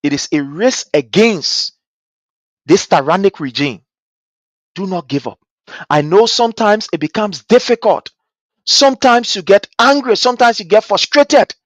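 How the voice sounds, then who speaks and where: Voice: mid-range voice, expressive, normal speed, no room sound, low-quality recording. A speaker gives an impassioned political address to supporters abroad, with repetitive rallying cries.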